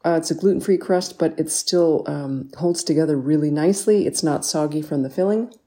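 A woman with a low, warm voice hosts a casual baking vlog from her home kitchen, talking briskly. She's chatty and enthusiastic, sprinkling in plenty of ums and appreciative mms.

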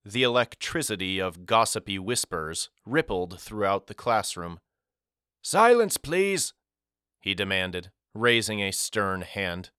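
A man reading a novel aloud as a narrator, in a measured, reflective storytelling manner. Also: low voice, bright, forceful tone, clean tone, no echo, studio quality. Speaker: audiobook narrator. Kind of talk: scripted first-person narration.

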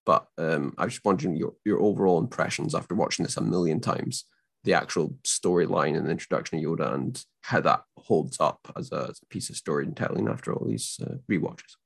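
A man co-hosting a podcast, asking his co-hosts a halting, rambling question about a film. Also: a bass voice, lively intonation, creaky, slightly rough, dry recording. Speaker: podcast co-host. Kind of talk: casual film discussion.

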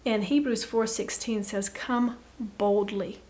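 A woman guest giving an earnest, reflective faith talk, often dropping to a soft hush. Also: mid-range voice, steady tone, takes it slowly. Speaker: podcast guest.

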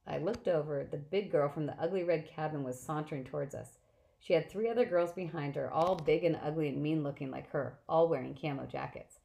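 A woman reading a novel aloud in first person, plain and steady, with small slips. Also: low-pitched, brisk, vocal fry, poor audio. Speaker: audiobook reader.

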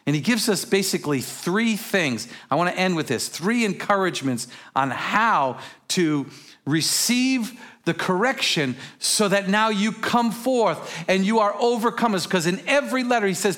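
A man preaching a sermon as pastor, swinging between hushed, intimate lines and sudden shouted exclamations, with casual storytelling asides. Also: sits high, expressive, normal speed.

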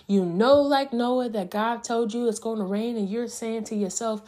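A woman's voice: on the high side, normal speed, few pauses, dark tone. Fervent woman preaching on a podcast. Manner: preaching, fervent, addresses listeners as y'all. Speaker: podcast host. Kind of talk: faith-based podcast monologue.

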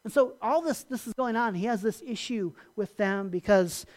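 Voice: medium pitch, moderate pace, a little mellow. A pastor preaching a sermon in a conversational way, often restarting phrases and acting out short bits of dialogue. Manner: acts out dismissive replies in dialogue.

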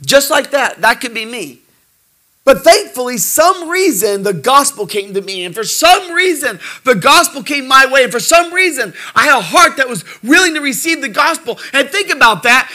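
A middle-aged man preaching a folksy sermon, joking and repeating himself, swinging from quiet asides to shouted praise. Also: very high-pitched, expressive, normal speed. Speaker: pastor.

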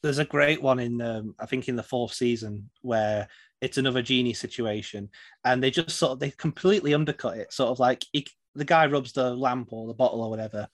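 A man's voice: medium pitch, a little fast, no room sound. A man who is not from America, chatting on a podcast in a wry, self-deprecating way. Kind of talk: casual chat.

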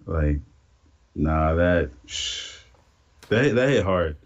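A man in casual podcast chat, talking in a relaxed, reflective, drawn-out way. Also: low-pitched. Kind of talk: casual chat about an anime. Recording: dull lo-fi sound.

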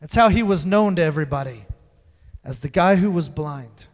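A man with a high voice preaches a sermon. He swings from loud, emphatic lines to hushed ones. His voice trails off into a long reverb in a church hall. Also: lively intonation, moderate pace.

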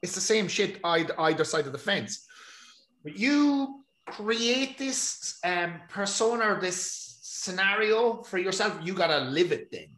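Irish guy rambling and swearing, kinda high voice, echoey room. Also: lively intonation, measured pace, pushed and bright. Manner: swears freely, rambling storyteller. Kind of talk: casual chat.

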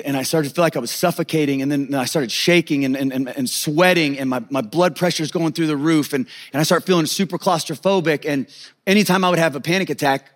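A middle-aged man preaching with a slightly high voice. He talks in an earnest, confessional way and often stammers and restarts his sentences as he tells his own story. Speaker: pastor. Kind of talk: sermon with personal testimony.

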